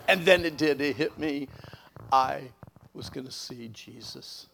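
An older man preaching a sermon with a personal story, animated, his voice surging loud and dropping to near whispers. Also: a little high, a little slow, vocal fry, long pauses.

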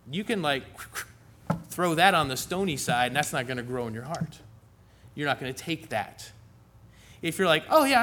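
A man's voice: fairly high pitch, a bit bright. A middle-aged man preaching a sermon in a church in a folksy, conversational way, with asides to the congregation.

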